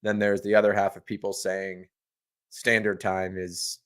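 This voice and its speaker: A man's voice: on the low side, level tone, a little slow, a bit bright, clean tone. A man co-hosting a podcast, chatting casually and rambling, laughing easily, over a home mic. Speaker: podcast co-host. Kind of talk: casual chat. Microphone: home microphone over a call.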